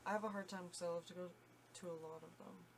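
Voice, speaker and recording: A woman from Canada with a Canadian accent, playful in casual chat and explaining in halting bursts. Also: lowish voice, fairly even intonation, gravelly, a little hiss or hum.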